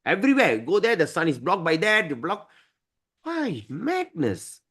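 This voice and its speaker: A man teaching a devotional scripture class, emphatic and often clearing his throat. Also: a little high, a bit bright.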